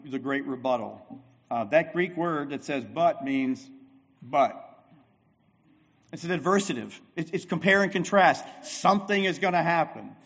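A man preaching a sermon as pastor, emphatic and repetitive, swinging between loud and soft. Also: on the high side, in a large hall. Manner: emphatic, repeats phrases, shifts loud and soft.

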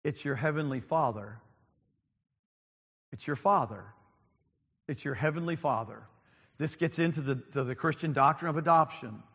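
A man's voice: a little high, moderate pace, long pauses, fairly bright tone, slightly rough. A man preaching a sermon as pastor, with frequent ums and lines repeated for emphasis. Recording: long reverb of a large hall.

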